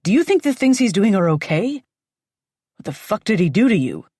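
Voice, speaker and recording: A woman's voice: low-pitched, normal speed, a little mellow, dry recording, clean studio sound. A woman voicing an obsessive, unhinged young ex-boyfriend who is strained and menacing. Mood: accusing. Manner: pleading turning to menacing, strained.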